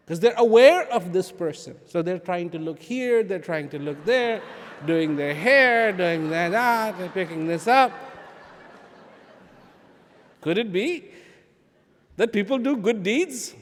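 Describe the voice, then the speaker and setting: A man giving an inspirational talk to an audience, animated, asking rhetorical questions and repeating phrases for emphasis. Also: high-pitched. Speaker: speaker addressing an audience. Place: large event hall. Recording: long hall reverb.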